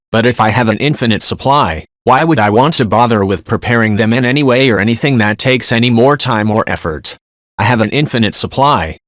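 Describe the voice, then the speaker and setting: A man narrating online forum posts in a brisk, matter-of-fact reading style. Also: on the low side, a bit bright, no room sound, studio quality.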